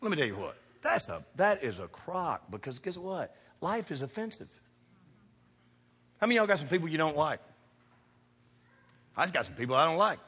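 A preacher, a man, works his congregation in a folksy sermon, dropping to quiet asides and then rising to shouts. His voice sits high and bright with a husky grain. The sound carries the long reverb of a church sanctuary. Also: sing-song, normal speed, long pauses. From American farm country. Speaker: pastor. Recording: reverberant hall.

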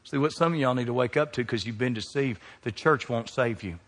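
Pastor preaching in an echoing hall. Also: male voice, mid-range voice, fairly quick. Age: middle-aged. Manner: dynamic preaching, swinging from hushed to loud. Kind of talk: sermon.

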